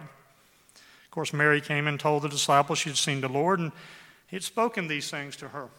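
A man preaching a sermon to a congregation in a church hall, reading scripture aloud with dramatic emphasis and slowing down on key words. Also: on the high side, bright, forceful tone. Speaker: pastor. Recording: long hall reverb.

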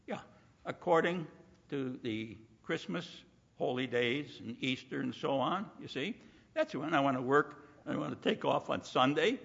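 A man preaching a sermon in a gravelly, fairly high voice. He is emphatic, often repeats "you see" and acts out the people he quotes. The sound is muffled, with long hall reverb. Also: animated, a little slow, fairly bright tone.

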